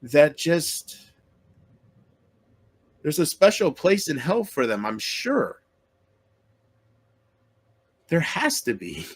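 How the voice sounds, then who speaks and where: A man's voice: a little high, very animated, extremely slow, long pauses, husky. A man vlogging to his viewers in an upset, pleading rant, swearing and repeating himself, close to tears.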